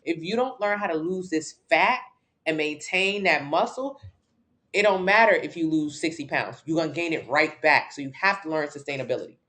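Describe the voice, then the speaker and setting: A woman's voice: low voice, normal speed. A woman fitness coach answering viewer questions on a casual livestream, blunt and sassy, swearing casually and pushing her voice up for emphasis. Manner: lively, swings in loudness for emphasis.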